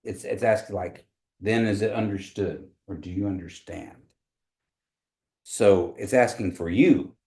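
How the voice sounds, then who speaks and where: A man from Oklahoma teaching a small language class, patiently explaining pronunciation and repeating phrases slowly. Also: lowish voice, dark tone, low-quality recording. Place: meeting room with a small class.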